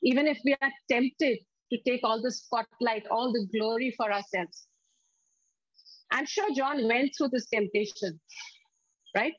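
A woman preaching a sermon, reading scripture slowly and emphatically and leading the congregation to repeat lines. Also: a little high, no echo, dull audio. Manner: slow, emphatic scripture reading with call-and-response.

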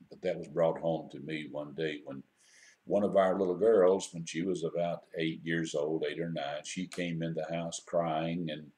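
Low, mellow-voiced man giving a devotional. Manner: gentle, slow, reflective storytelling. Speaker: devotional speaker. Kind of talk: short devotional message.

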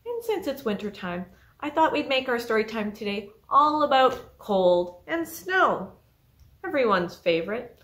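A woman librarian leading a children's story time alone in an empty library, telling the story in an animated way. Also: fairly high pitch, a little slow. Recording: echoey library room.

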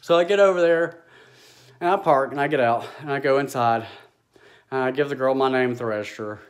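A man's voice: mid-range voice, fairly quick. Exasperated man telling a story. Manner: exasperated, animated retelling with quoted dialogue. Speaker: vlogger. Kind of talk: casual storytelling.

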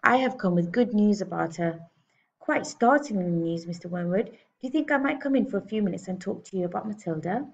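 A woman's voice: mid-range voice, animated, brisk, a little mellow, dull audio, natural voice. A woman voicing a firm, earnest young teacher. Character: gentle but firm young woman schoolteacher.

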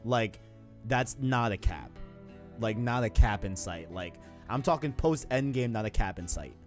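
Dude co-hosting a gaming podcast, slangy and hyped, chatty, faint music in the back. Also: male voice, on the low side, measured pace. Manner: slangy and excitable, says "you know what I'm saying" often. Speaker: podcast co-host. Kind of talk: casual gaming podcast chat.

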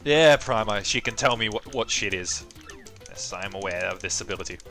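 A man's voice: fairly low pitch, expressive, brisk, bright, forceful tone. A man from Australia streaming a video game, talking in an offhand, self-mocking way with casual swearing, over faint game music. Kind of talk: casual live-stream commentary.

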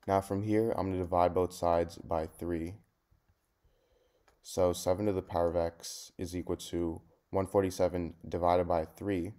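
Man, low voice, mellow tone, step-by-step math lesson, methodical. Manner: plain, methodical explaining, talking through each step. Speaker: math tutor.

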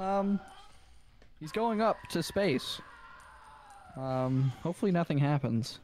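A man's voice: on the high side, expressive, slow pace, darkish tone, slight background noise. A man joining a live gameplay stream as a guest, laid-back and joking in casual banter. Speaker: guest co-player.

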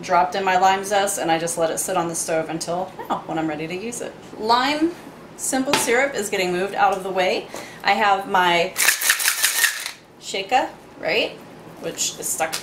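Woman, home cooking vlogger, casual and chatty, mid-pitched, roomy kitchen echo. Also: normal speed, very noisy. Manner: bubbly, chatty, playful asides. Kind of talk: casual kitchen demo chat.

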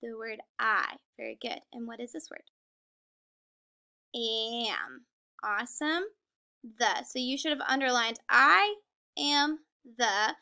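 Woman teacher doing a kindergarten reading video, high bright voice, slow and cheery, drags words out for little kids. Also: gravelly, clean tone. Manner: slow, encouraging, stretched-out words for small children. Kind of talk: remote reading lesson for young children.

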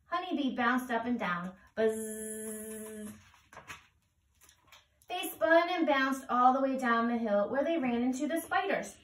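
A woman reading a picture book aloud to children in a gentle, sing-song way. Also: high-pitched, lively intonation, normal speed, few pauses, a little hiss or hum. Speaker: children's storyteller. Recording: roomy, heard from a distance.

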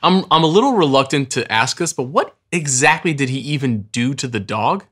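A man co-hosting a casual film podcast. His pitch moves a lot, and he talks thoughtfully, hedging and qualifying as he works through his views. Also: lively intonation, a little fast, fairly bright tone. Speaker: podcast co-host. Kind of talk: casual movie podcast chat.

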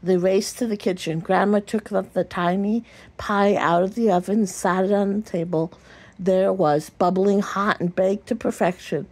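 A woman reading a children's picture book aloud in a gentle storytelling voice, with small slips and restarts. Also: medium pitch, fairly even intonation, moderate pace. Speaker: storybook reader.

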